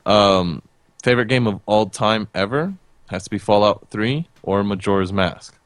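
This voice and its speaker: A man's voice: fairly low pitch, moderate pace, no room sound. A young man co-hosting a casual podcast chat, blunt and swearing freely. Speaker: podcast co-host.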